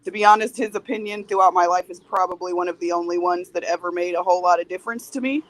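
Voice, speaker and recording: A woman's voice: fairly low pitch, steady tone, fast, low-quality recording. A woman in her forties, a podcast guest speaking candidly in a blunt, plain-spoken way and swearing freely. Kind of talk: candid interview talk.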